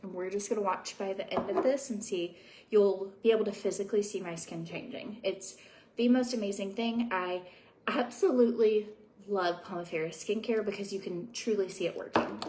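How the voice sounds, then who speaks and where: A woman's voice: medium pitch, noisy background. A young adult woman chatting casually at home while doing her skincare routine, rambling and confiding with lots of fillers. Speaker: beauty vlogger.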